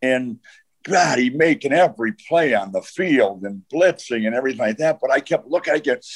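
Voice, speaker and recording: Man, football coach, interview guest, rambling anecdotes, lots of fillers, mid-pitched voice. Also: animated, moderate pace, breathy edge.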